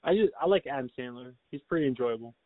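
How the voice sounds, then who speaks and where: A man's voice: mid-range voice, lively intonation, fast talker, dry recording, narrow, tinny audio. A man on a podcast telling a long rambling story in casual chat, full of restarts and little laughs. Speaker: podcast co-host.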